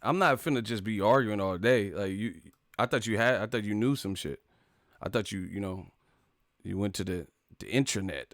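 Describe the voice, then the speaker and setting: A man hosting a live chat stream, talking casually and trash-talking commenters with loud bursts and laughs. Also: on the low side, moderate pace, dry recording, clean studio sound. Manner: brash trash talk, frequent laughing.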